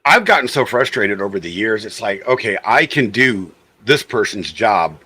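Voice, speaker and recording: Lively Texan man in casual chat. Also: lowish voice, normal speed, husky. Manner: frank, exasperated, tells anecdotes.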